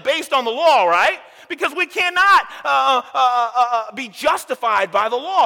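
A man's voice: extremely high pitch, animated, moderate pace, pushed and bright, in a large hall. A pastor preaching a sermon with emphasis, putting rhetorical questions to the congregation and often stumbling and repeating his words.

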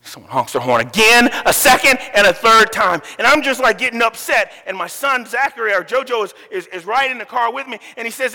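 Man, preaching, high-pitched, long hall reverb. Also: fairly quick, gravelly, few pauses. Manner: animated preaching, acts out quotes, sometimes shouting. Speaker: pastor. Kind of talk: sermon.

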